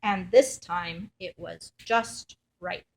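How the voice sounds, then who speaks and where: Expressive woman reading a picture book. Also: on the low side, takes it slowly, vocal fry. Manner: expressive, playful read-aloud. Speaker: storyteller.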